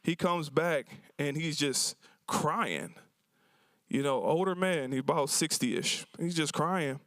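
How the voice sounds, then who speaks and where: Speaking slowly with lively intonation, the man has a fairly high, slightly bright voice and there is no room sound. Telling stories to a university symposium audience, the cafe owner recounts his customers casually and performs their lines.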